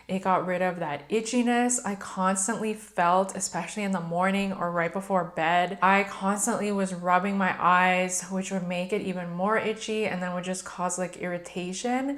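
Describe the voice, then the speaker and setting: A woman beauty vlogger chatting casually and upbeat to her viewers, with frequent fillers. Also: lowish voice. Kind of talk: casual haul vlog talk.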